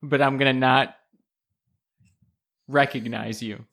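A man in a casual chat, teasing his friends in a deadpan way. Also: mid-range voice, slow, vocal fry.

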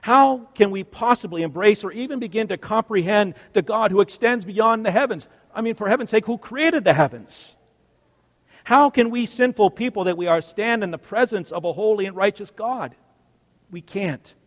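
A male pastor preaching a sermon, swinging from loud, stressed words to hushed, quiet lines. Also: sits high, lively intonation, normal speed, big-room sound.

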